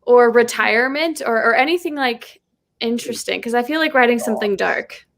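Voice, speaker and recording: A woman's voice: fairly high pitch, fairly quick, creaky, background noise. A woman guest writer on a video call, chatting casually, hesitant and rambling as she thinks aloud. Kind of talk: casual chat.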